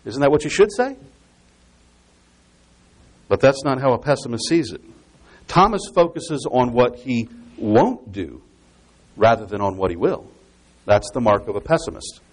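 A male preacher works through a Bible passage in an expository sermon. His voice swings widely in pitch as he stresses and repeats his key points. He explains each detail carefully, step by step. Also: animated, unhurried, pauses often, breathy edge. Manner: emphatic, repeats key phrases for effect.

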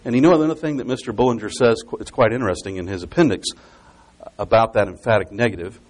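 A man's voice: lowish voice, quick pace, a little mellow. A man preaching a Bible exposition sermon. He repeats key phrases for emphasis and explains scripture step by step.

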